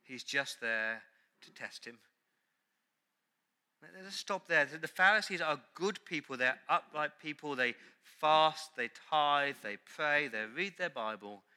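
A man's voice: fairly high pitch, animated, unhurried, pushed and bright, clean tone. A man preaching a sermon as pastor, earnest and emphatic, repeating key words.

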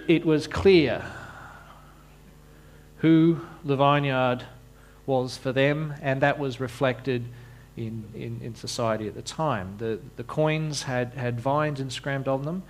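A man's voice: mid-range voice, slight background noise. A man preaching a sermon, often repeating words as he restarts and slipping in wry asides.

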